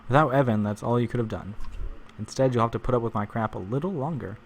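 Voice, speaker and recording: A man's voice: medium pitch, fast, a little hiss or hum, close to an everyday voice. A man voicing a wry, tough, wounded female warrior in a put-on British accent, reading in-game dialogue aloud.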